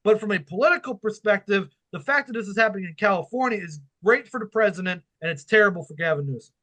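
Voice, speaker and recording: High, bright-voiced man giving political analysis. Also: expressive, fast. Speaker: podcast co-host. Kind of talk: casual political chat.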